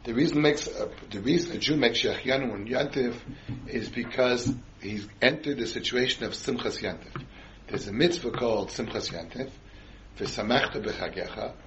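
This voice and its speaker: A rabbi teaching a Torah class keeps quizzing his listeners with questions before explaining the answers. His medium-pitched voice moves a little fast. The recording is a little dull, with a bit of hiss or hum and faint background ambience.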